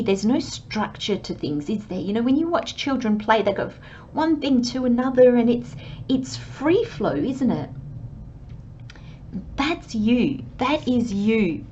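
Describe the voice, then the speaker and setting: Gentle chatty woman reading tarot. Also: on the high side, expressive, measured pace. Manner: gentle, chatty, acts out little imagined dialogues. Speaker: tarot reader. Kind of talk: channelled tarot reading monologue. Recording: slightly dull, faint background hiss.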